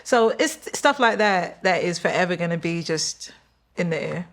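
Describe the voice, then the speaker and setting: A woman in her forties from London with a London accent, chatting as a podcast guest, animated and laughing often. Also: moderate pace. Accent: London English. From London, England. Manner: animated, laughs often, quotes people in high voices. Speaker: guest singer. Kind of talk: casual podcast chat.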